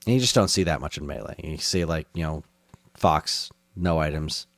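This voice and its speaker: A man's voice: a bass voice, moderate pace, no room sound. A man co-hosting a gaming podcast in casual chat, enthusiastic and rambling, often laughing. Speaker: podcast co-host.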